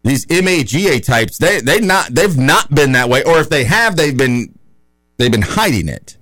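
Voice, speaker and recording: A man's voice: fairly high pitch, very animated, normal speed, fairly bright tone, no echo. A man hosting a radio talk show, talking in an opinionated, conversational and rambling way in a studio.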